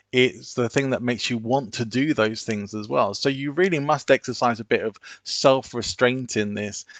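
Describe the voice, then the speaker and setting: A man giving an online business presentation, coaching the audience in a measured, instructive way. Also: fairly low pitch, no echo.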